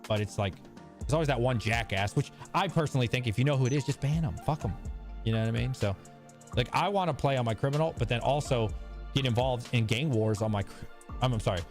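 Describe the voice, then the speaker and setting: A man's voice: medium pitch, fast, faint music behind. A man with an American accent chatting casually on a stream, profane and laughing, acting out voices. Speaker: crypto streamer.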